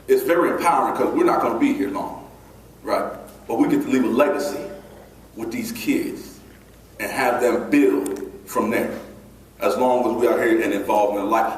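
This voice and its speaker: A man giving a motivational keynote, telling a personal story in a lively, conversational way with bursts of laughter. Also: mid-range voice, a little hiss or hum. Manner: animated, breaks into laughter, imitates friends with quieter voice. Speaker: motivational speaker. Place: large hall before an audience. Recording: echoey hall, voice from far off.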